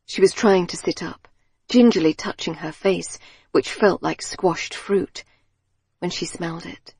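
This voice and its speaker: A woman reading an audiobook thriller in a measured, tense storytelling manner on a close studio mic. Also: on the low side, darkish tone, breathy edge, dry recording. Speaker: audiobook narrator. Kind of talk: scripted audiobook narration.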